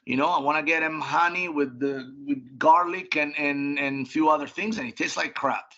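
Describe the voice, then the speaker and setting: A middle-aged man speaks bluntly and emphatically, often restarting his sentences and dropping casual swear words. His voice is bright and pushes forward. The recording sounds dull and lo-fi. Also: a little high, moderate pace. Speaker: restaurant group CEO, interview guest. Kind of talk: casual interview answers. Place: home office.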